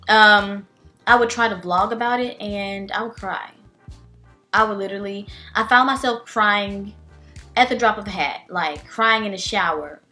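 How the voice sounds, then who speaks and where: A woman's voice: mid-range voice, sharp tone. A young adult woman, a teacher and vlogger, talking candidly and emotionally in a casual vlog, with many fillers. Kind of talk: casual vlog life update.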